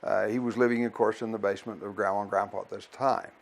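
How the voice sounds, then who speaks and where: A grandson recalling his grandmother in a hesitant, halting way. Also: fairly low pitch, flat delivery, creaky. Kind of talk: oral history reminiscence.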